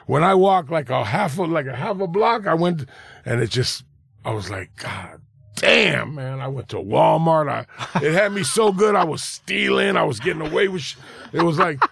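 A man's voice: on the high side, animated, brisk, gravelly, breathy edge, dry recording. A man hosting a podcast, telling a story in a loose, profane, slangy casual chat in a studio.

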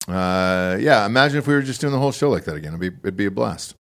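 Loose, lively podcast host man. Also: lowish voice, fast talker. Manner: loose, swearing, animated reactions. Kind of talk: casual chat.

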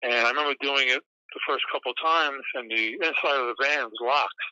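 A man guest in an interview, telling stories in an animated, rambling way and swearing casually. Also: mid-range voice, a little fast, clear, resonant tone, no echo. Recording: dull lo-fi sound.

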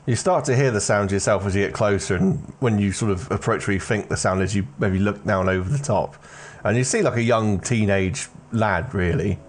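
A game master narrating a tabletop role-playing game in a relaxed, loose way. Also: low-pitched, a little hiss or hum.

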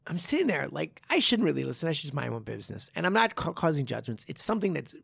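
A man who teaches martial arts, talking in a casual podcast chat and telling a story with animated swearing and frequent restarts. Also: fairly high pitch, fast, vocal fry, husky, no echo.

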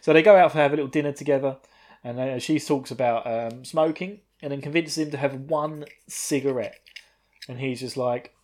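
A man's voice: medium pitch, fairly even intonation, normal speed, darkish tone. A man in his thirties co-hosting a podcast, casually recapping an anime episode in a rambling way, chuckling often and swearing freely. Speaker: podcast co-host.

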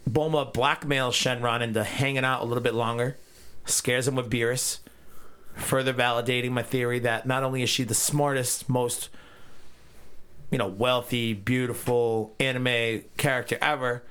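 A man co-hosting a podcast, recapping an episode in casual chat with crude jokes and quick character asides. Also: medium pitch, fairly even intonation, a bit bright, smooth. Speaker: podcast co-host.

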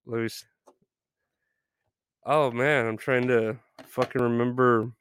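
A man's voice: medium pitch, steady tone, slow pace, a bit bright, clear, resonant tone, dry recording. A man hosting a live stream, greeting viewers by name in loose, profane chat with frequent laughs.

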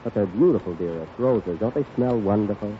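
A man playing a smooth-talking lover who croons sweet talk, in a 1930s radio comedy sketch. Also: lowish voice, a little fast, voice pushed down, lightly acted. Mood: mock-tender. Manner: crooning and mock-tender. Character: smooth-talking male lover, mock romantic. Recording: tinny, hissy 1930s radio broadcast.

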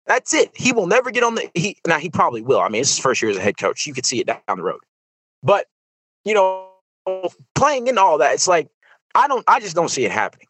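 A man's voice: fairly high pitch, wildly swooping pitch, quick pace, fairly bright tone, slightly rough, no room sound, rough recording. A young man hosting a sports podcast, rambling through casual football talk with lots of fillers and restarts. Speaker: podcast host. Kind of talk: casual sports commentary monologue.

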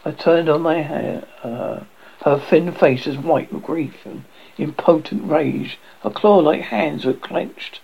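Gravelly-voiced man reading a horror story. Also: medium pitch, measured pace, highs cut off.

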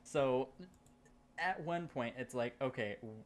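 A man in a casual podcast chat tells a story with lively, profane energy. His pitch sits in the middle range. A faint noise hums behind him. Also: slow. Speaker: podcast co-host.

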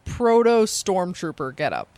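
A woman's voice: on the low side, very animated, measured pace, darkish tone, no echo. Give me a woman chatting casually on a podcast, recapping comics with a dry, close sound. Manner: recaps comics with acted-out quotes, swears, laughs often. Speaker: podcast co-host. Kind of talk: casual chat.

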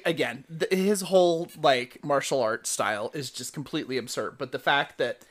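A podcast co-host chatting casually about movies, giggling and quick to retell scenes. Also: mid-range voice.

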